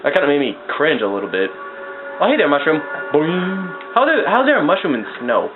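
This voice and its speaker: A young man giving casual let's-play commentary, excitable and swearing as he talks to the game. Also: a little high, quick pace, music in the background. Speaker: gameplay commentator. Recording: tinny lo-fi mic with noise.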